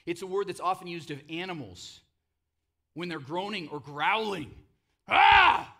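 Bright-voiced preaching man in his thirties. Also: a little high, moderate pace. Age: 30s. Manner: passionate, conversational preaching with frequent "right?". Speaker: pastor. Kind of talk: sermon.

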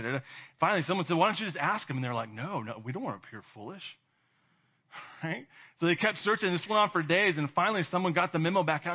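A man preaching a conversational sermon. He keeps checking in with "right?", laughs now and then and acts out quoted voices. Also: mid-range voice. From California. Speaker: pastor. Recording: dull lo-fi sermon audio.

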